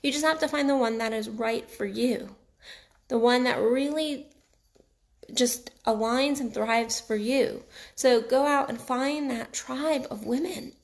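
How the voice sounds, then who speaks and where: A woman's voice: on the high side, unhurried. A woman coach with a mixed New York and Texas accent, giving a blunt, casual motivational talk straight to her viewers. She swears freely and repeats lines for emphasis. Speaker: sex and relationship coach. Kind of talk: motivational direct-to-camera talk.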